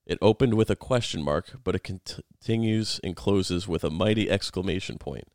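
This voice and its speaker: A man's voice: low voice, moderate pace, darkish tone, no room sound, studio quality. A man imitating an older male radio Bible teacher with a strong Southern accent and emphatic preaching delivery. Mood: earnest preaching. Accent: American Southern.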